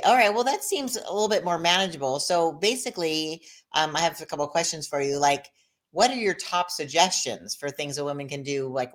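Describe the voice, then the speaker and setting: A woman hosting an interview, asking questions and telling personal anecdotes with lively reactions. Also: sits low. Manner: animated storytelling, reacting with short exclamations. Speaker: interview host. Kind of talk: conversational interview.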